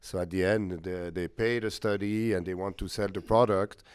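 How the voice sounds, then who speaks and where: A man's voice: sits low, fairly even intonation, normal speed, smooth, no room sound, studio quality. A man chairing a conference discussion, blunt and skeptical, in slightly non-native phrasing. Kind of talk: panel discussion questioning.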